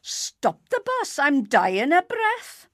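A woman voicing a cranky old man who complains in shrill, theatrical outbursts. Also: wildly swooping pitch, slow pace, vocal fry, dry recording, studio quality, exaggerated voice. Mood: wailing.

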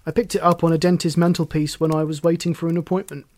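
An eager young man talks with lively emphasis and a slightly raised pitch, voiced by a male audiobook reader. He sounds earnest and sincere. The recording is dry and close. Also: fast, no echo, natural voice.

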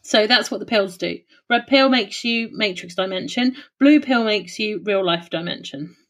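A woman co-hosting a podcast in casual chat, animated and swearing freely as she spins playful theories. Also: medium pitch, normal speed. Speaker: podcast co-host.

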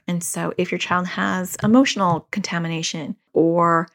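A woman's voice: lowish voice, steady tone, normal speed, gravelly. A woman in her forties hosting a podcast, giving casual parenting advice and repeating key phrases for emphasis. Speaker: podcast host and parenting coach.

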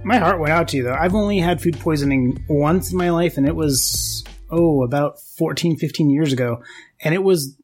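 A man in his thirties co-hosting a podcast, chatty and quick to laugh. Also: a little high, soft background music. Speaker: podcast co-host. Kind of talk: casual podcast chat.

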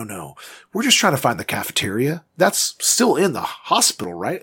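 A man's voice: medium pitch, wildly swooping pitch, moderate pace, sharp tone, slightly rough. A man playing a comic character in a tabletop role-playing game, rambling and hesitant. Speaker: player.

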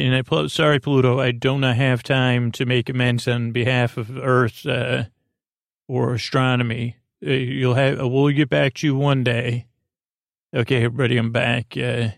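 Gravelly, halting man hosting a sleep podcast. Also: medium pitch, dry recording, studio quality. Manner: meandering, halting, full of uh and restarts; slow dreamy talk addressing the moon. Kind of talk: rambling improvised sleep podcast intro.

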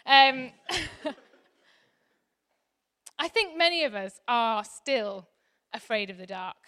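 A woman in her thirties delivering a sermon. Her high, bright voice carries a chatty, animated warmth at times and a soft earnestness at others. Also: slow. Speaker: preacher.

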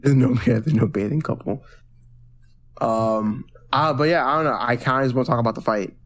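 A man in the middle of a casual podcast chat, talking through a TV episode at a mid pitch. He rambles, restarts his sentences, and drops into quick quoted lines from the show. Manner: rambling recaps with many restarts and acted-out quotes. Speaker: podcast co-host.

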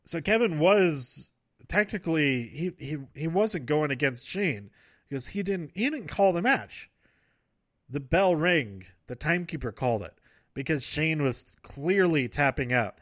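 A man's voice: a little high, expressive, measured pace, a bit bright, no room sound, clean studio sound. A man casually recapping wrestling events, rambling, correcting himself and laughing often.

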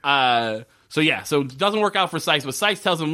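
A man's voice: on the high side, normal speed. A man co-hosting a casual recap chat, swearing freely and acting out characters' lines. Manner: profane, animated, acts out characters' lines. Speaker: podcast co-host.

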